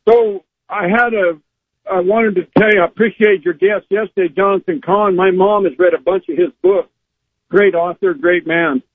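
A man's voice: high-pitched, animated, moderate pace, no room sound. A man calling in to a radio show, speaking politely with hesitant fillers over a phone line. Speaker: caller. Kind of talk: phone call to talk radio.

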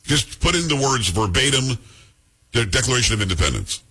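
A man hosting a radio talk show, joking and animated, jumping between loud and quiet. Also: mid-range voice, a little fast, breathy edge.

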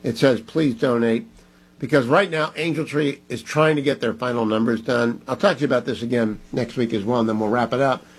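A man hosting a talk radio show, making emphatic, preachy appeals to listeners in a husky voice. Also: mid-range voice, steady tone, a little fast.

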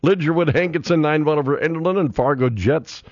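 A man's voice: a little high, a little fast, no echo. A middle-aged man, hosting sports radio and chatting loosely through scores with lots of "uh" fillers. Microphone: studio microphone. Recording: dull, dry studio radio sound.

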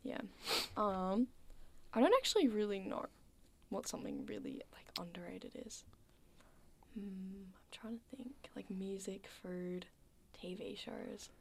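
A young woman chatting casually and asking questions, filling her talk with "like" and trailing off softly at times. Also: mid-range voice, sing-song, measured pace, long pauses, slightly rough. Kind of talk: casual chat.

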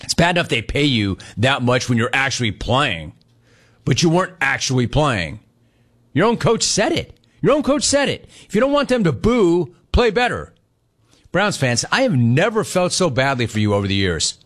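A man's voice: medium pitch, very animated, a little fast, a bit bright. A man hosting a sports radio show, ranting with mocking emphasis and repeating his points. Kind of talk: opinionated sports rant.

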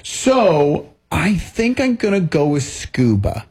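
Dry-humored man co-host, husky. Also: a little high, sing-song, slow, a little mellow. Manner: dry, joking. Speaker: radio co-host. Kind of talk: casual chat.

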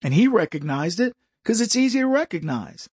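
A high-pitched man holds forth in a sarcastic political monologue, slipping into mocking impressions of his opponents and laughing at them. His voice sits close and dry, with no room around it. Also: big pitch swings, fairly quick, a little mellow, slightly rough, dry recording. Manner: mocking, mimics opponents in sing-song voices, laughs often. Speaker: political commentator. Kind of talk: opinion monologue.

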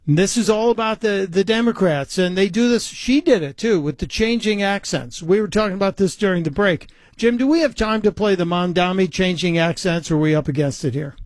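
A man hosts a talk radio show, delivering pointed political commentary. His voice sits a bit high for a man and the sound is dry and close. He is sarcastic and emphatic, slowing down to stress his points. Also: dry recording. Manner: sarcastic, emphatic, shifts pace often.

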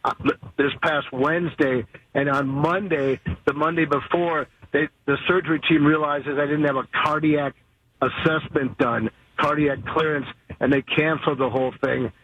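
Guy calling in to radio, husky and a bit high, rambles on, muffled phone. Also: fairly even intonation, moderate pace, dry recording. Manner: chatty, rambling storyteller. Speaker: caller. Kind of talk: call-in radio talk. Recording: dull, dry phone line.

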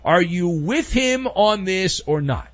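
A man hosting a sports talk show, giving opinionated commentary in a sarcastic, animated way. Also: sits high, slow pace, dry recording, dull audio. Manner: sarcastic, animated, mock voices for anecdotes.

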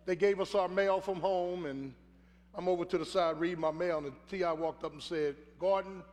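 A man's voice: high-pitched, steady tone, brisk, a little mellow. An older man preaching a sermon, telling his own story earnestly with repeated phrases. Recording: echoey hall, faint hum.

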